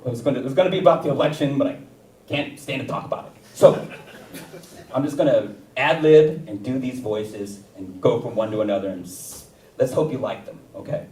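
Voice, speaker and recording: A man's voice: mid-range voice, fairly quick, a little mellow, slight background noise. A male stand-up comedian ad-libbing on stage, rambling and stumbling over his words. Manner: rambling, self-interrupting ad-libbing. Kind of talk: stand-up set. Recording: roomy theater sound, distant mic.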